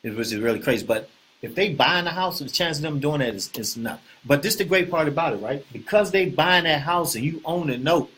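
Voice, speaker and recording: A man hosting a casual real estate talk, animated and preachy, often repeating himself and asking the viewers questions. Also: fairly high pitch, a little fast, a little hiss or hum. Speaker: host.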